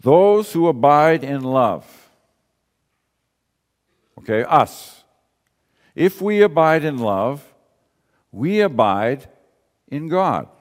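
Male preacher, unhurried sermon delivery, repeats phrases, rhetorical questions, big echoing church. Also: mid-range voice. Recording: long reverb of a large hall.

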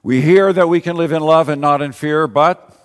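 A man's voice: on the high side, moderate pace, clear, resonant tone. A man preaching a sermon in a conversational way, repeating key phrases and asking rhetorical questions. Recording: long reverb of a large hall.

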